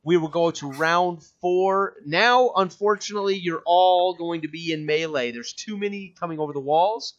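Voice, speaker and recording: Halting game master man, lo-fi mic. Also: sits high. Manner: chatty, halting with many fillers. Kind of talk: narrating a tabletop game. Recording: dull lo-fi mic.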